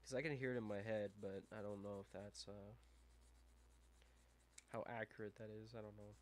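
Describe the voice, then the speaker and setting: A man streaming live as he builds a model kit, talking to himself in a mumbling, self-deprecating way that trails off, on a desk mic turned down low. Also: fairly even intonation, normal speed. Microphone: desk microphone with low gain. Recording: faint hum and buzz behind.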